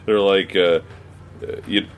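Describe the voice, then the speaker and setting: A man on a podcast rambling through a story with halting starts and amused laughter. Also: low-pitched, steady tone, slight background noise. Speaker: podcast regular. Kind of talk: casual storytelling chat.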